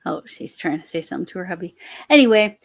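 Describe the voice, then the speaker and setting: A woman's voice: lowish voice, lively intonation, quick pace, creaky, rough recording. Woman host, casual livestream chatter, easygoing and laughing often. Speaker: crochet vlog host.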